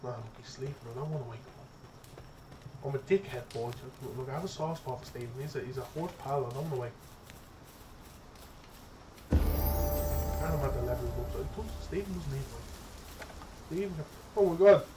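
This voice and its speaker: A young man giving casual let's-play commentary, excitable and profane, chattering to his in-game pet as he plays. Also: medium pitch, brisk, pauses often, background noise. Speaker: gaming streamer.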